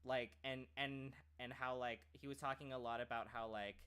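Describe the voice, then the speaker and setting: A man of average pitch chatting casually to his stream. He rambles and restarts his sentences, with "like" dropped in all the time. His delivery is loose and unscripted. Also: fairly even intonation, moderate pace, pushed and bright, smooth. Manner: rambling, full of "like" fillers and restarts. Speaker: streamer and aspiring voice actor. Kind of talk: casual chat.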